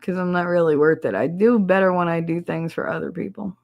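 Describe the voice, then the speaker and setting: Gravelly, blunt New Jersey woman. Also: fairly low pitch, brisk, no room sound, muffled recording. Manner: blunt, abrasive, heavy cursing. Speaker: livestream host. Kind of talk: casual livestream chat reading comments.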